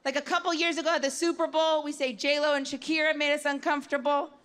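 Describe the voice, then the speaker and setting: Brief: woman stand-up, very high voice, bright and sharp tone, sardonic. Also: level tone, fast. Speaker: stand-up comedian. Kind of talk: stand-up routine.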